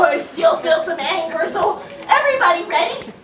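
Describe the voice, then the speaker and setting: Very high, bright, playful woman in an echoey room. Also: expressive, moderate pace, few pauses, far from the mic, background noise. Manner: exaggerated, playful, gasping and laughing. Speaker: children's educator giving a talk. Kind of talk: animated talk to an audience, acting out feelings. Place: large room with an audience. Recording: echoey room recorded from afar, faint ambience.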